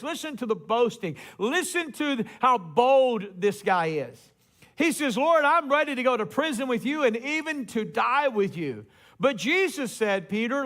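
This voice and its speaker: Male pastor, very high voice, storytelling sermon with animated quoted lines. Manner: storytelling preacher, acts out quotes with rising emphasis.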